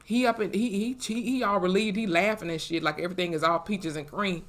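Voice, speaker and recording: A young woman, recapping a TV episode in an animated, profane way and acting out the characters' lines. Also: medium pitch, brisk. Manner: animated, profane storytelling with acted-out quotes. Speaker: TV episode reviewer. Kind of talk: casual recap vlog.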